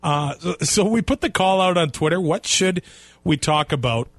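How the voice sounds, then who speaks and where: Man, higher voice, very animated pitch, laughs a lot, dry sound. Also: normal speed, no echo. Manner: laughs often, lively reactions. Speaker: podcast co-host. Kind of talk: casual sports chat.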